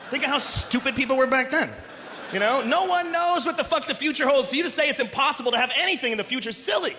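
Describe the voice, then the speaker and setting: A man doing a profane, animated stand-up comedy set, often shouting and acting out voices on a large live stage. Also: extremely high pitch, fast talker. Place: large live venue with audience. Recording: live stage recording with long hall reverb.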